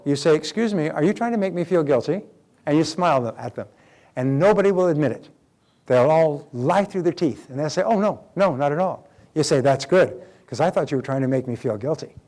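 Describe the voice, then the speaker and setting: A man's voice: on the high side, a little mellow. A middle-aged man giving a motivational seminar talk, emphatic and acting out quoted dialogue as he teaches. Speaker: self-development speaker.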